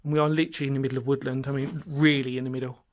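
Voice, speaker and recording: A man's voice: mid-range voice, little pitch movement, racing. A man exploring an underground bunker alone and chatting to his channel viewers, rambling and enthusiastic. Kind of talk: casual solo exploring vlog. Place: inside a small underground brick bunker in woodland.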